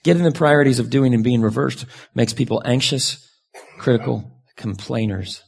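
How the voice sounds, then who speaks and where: A pastor preaching in a loose, conversational way, his voice heavy with gravel and grit. The tone runs husky and a little rough, and now and then he leaps upward in pitch for emphasis. It is a man speaking frankly to a congregation. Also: moderate pace. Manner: conversational and candid, with sudden lively jumps in pitch. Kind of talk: sermon.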